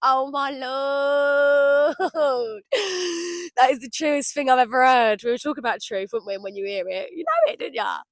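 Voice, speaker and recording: A high-voiced woman hosts a solo reflective podcast, calling herself babe and darling. She laughs often and jumps from shouts to near-murmurs. The sound is dry and close. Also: very animated, fast, hardly any pauses, no echo. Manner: effusive, laughs often, swings from loud shouts to low murmurs. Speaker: podcast host. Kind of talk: solo spoken reflection outdoors.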